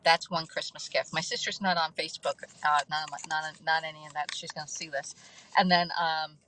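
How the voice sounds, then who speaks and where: Middle-aged woman livestream host, low-ish voice, chatty and laughing, thanks viewers by name. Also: steady tone, a little fast, pushed and bright, slight background noise, rough recording. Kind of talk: casual livestream chat.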